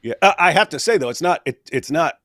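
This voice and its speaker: A man's voice: a little high, animated, fast, a bit bright, slight background noise. A man co-hosting a casual livestream discussion, rambling and joking with frequent restarts. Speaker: co-host of livestream.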